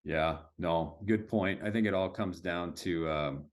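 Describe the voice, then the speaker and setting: A man's voice: low-pitched, unhurried. A man hosting an interview and asking loose, encouraging questions with plenty of fillers. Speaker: podcast host. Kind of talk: casual interview chat.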